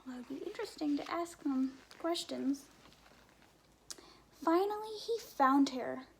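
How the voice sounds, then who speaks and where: A woman reading a picture book aloud to children, asking them gentle questions and often dropping to a whisper. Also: high-pitched, animated, a little slow, creaky, noisy background. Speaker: story time reader.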